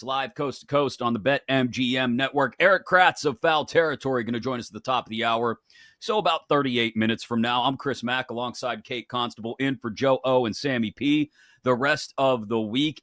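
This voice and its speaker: A male host of a sports betting show from the upper Midwest, giving an upbeat, rapid rundown of games and odds. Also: medium pitch, fairly bright tone, dry recording, clean studio sound.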